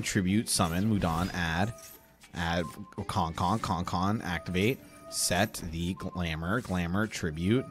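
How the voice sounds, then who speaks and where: A young man streaming a card game, giggling and excitedly calling out each play as it happens. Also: lowish voice. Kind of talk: live gameplay commentary.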